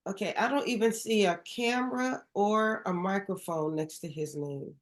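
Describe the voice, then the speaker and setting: A woman's voice: medium pitch, normal speed. A woman co-hosting a talk show over a video call, friendly and laughing along. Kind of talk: casual interview chat.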